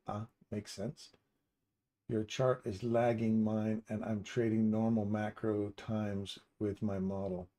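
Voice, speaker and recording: A man's voice: on the low side, level tone, measured pace, warm tone. A man casually commenting on a live trading stream, reading out and answering viewers' chat messages by name. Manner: upbeat and chatty, laughs easily.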